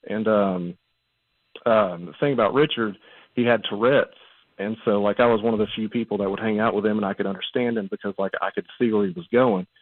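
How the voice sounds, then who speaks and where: A man's voice: lowish voice, no room sound. A man calling in to a radio show and telling a long rambling story, with lots of ums. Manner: rambling, many ums and you-knows. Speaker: caller. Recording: tinny phone line.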